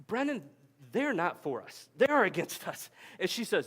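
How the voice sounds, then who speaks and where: A man in his forties delivers a sermon with a notably high voice. He tells stories in a loose, conversational way, often doubling back on his words as he goes. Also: sing-song, moderate pace, fairly bright tone, slightly rough. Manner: conversational storytelling with frequent restarts. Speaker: pastor. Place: camp meeting hall.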